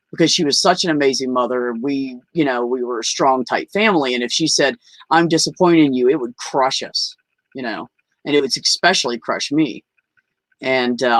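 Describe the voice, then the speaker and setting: Man, podcast guest, candid rambling storytelling, mid-pitched voice, dry close sound, video call. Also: a bit bright, no room sound. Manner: rambling, frank, sprinkles "you know" and "like".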